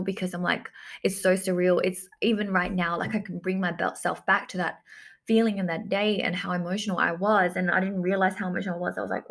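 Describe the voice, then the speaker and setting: A woman's voice: medium pitch, steady tone, fairly quick, vocal fry. A woman telling a personal story in a reflective, repetitive way, often saying "like" and circling back to the same phrases, as a coach talking to her audience. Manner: reflective, repeats phrases, filler-heavy. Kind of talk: personal story told to camera.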